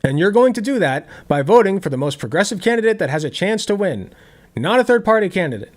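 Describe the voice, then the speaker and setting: A man hosting political reaction commentary, arguing in an animated, sarcastic way. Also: sits high, fast talker. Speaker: commentary host.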